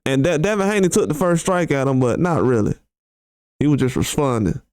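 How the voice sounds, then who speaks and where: A man's voice: fairly high pitch, sing-song, fairly quick, darkish tone, clear, resonant tone, no room sound, clean studio sound. A man hosting a boxing commentary channel who reacts to tweets in a blunt, casual way, full of slang and rhetorical questions, his voice often jumping up in disbelief.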